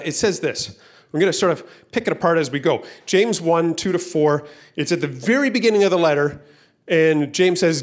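A man preaching a sermon as pastor to a church room and online viewers, talking casually and often repeating words. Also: on the high side. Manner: conversational, repeats words, acts out voices in stories.

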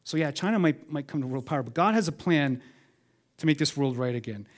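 A man preaching a sermon as pastor, swinging between loud emphatic lines and hushed ones, calling on the congregation to respond. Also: on the high side, lively intonation, brisk.

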